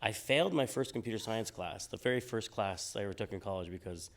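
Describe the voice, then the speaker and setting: A man in his forties, a game designer guest in an interview, talking in a relaxed, rambling way with many fillers and restarts. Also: lowish voice, quick pace. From United States. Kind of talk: casual interview on stage.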